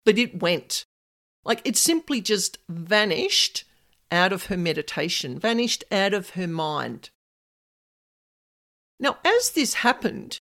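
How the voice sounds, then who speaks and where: Slow, lively-voiced woman storyteller. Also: medium pitch. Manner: casual asides, conversational. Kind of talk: spoken story narration.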